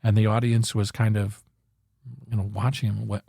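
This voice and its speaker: A man's voice: on the low side, level tone, moderate pace, creaky, dark tone, slightly rough, no echo, studio quality. A man hosting a podcast, talking through a casual motivational monologue in an earnest, rambling way, often correcting himself. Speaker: podcast host.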